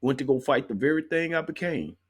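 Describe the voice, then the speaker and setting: Lively slangy podcast host, man. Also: on the high side, brisk, slightly rough. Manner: emphatic, slangy, lots of bruh. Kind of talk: casual chat.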